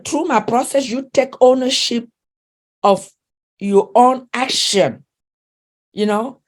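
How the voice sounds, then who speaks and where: A woman's voice: a little high, slow pace. A middle-aged woman with a non-native English accent, a relationship coach talking in an interview, earnest and emphatic, repeating herself and searching for words. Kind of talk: interview conversation.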